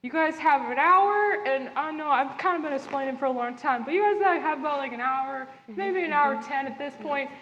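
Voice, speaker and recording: A woman's voice: sits high, brisk, hardly any pauses, lo-fi sound, lightly acted. A woman voicing a laid-back male ghost who works as a liaison. He rambles and chats breezily, with lots of filler words. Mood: breezy. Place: live stage at a gaming convention. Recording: echoey convention hall with faint noise.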